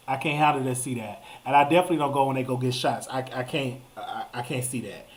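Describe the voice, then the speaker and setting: A man, hosting a live call-in show in a chatty, animated way, repeating words for emphasis. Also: medium pitch. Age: 30s. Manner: animated, drawn-out exclamations and repetitions. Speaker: host. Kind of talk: casual live show monologue.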